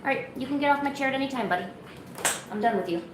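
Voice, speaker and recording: A woman's voice: sits high, rapid-fire, background noise. Woman teasing her cat on a livestream. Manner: playfully teasing, scolds her cat in a mock-stern voice. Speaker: art livestreamer. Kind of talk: casual livestream chat.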